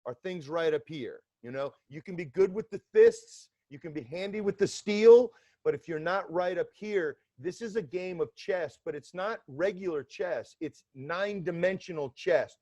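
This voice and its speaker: A man's voice: high voice, moderate pace, hardly any pauses, mellow, no echo. Blunt man with a New York accent. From Atlanta, Georgia, US South. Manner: blunt, streetwise, wry humor. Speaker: guest, former FBI undercover agent. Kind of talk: casual interview talk.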